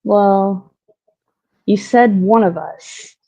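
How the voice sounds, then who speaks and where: A woman's voice: medium pitch, drawn-out words, gravelly, dark tone. A woman from Alabama, a podcast guest in casual chat, with a dry, teasing manner.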